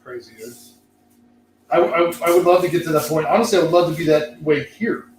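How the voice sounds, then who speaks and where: A man's voice: a little high, a little fast, reverberant, a little hiss or hum. A man hosting a casual chat show from a cigar lounge, rambling, laughing and swearing as he talks. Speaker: host.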